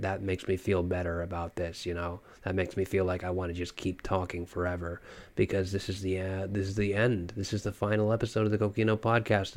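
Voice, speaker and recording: A young man hosting a solo podcast, his voice stuffy and nasal from a cold. He speaks in a rambling, self-doubting way, full of restarts and fillers, in a fairly low register. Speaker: podcast host.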